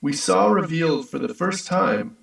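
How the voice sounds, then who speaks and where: A man reading a passage aloud at a steady, measured pace, heard from a distance. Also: on the high side, gravelly. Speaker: reader. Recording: echoey room from a distance.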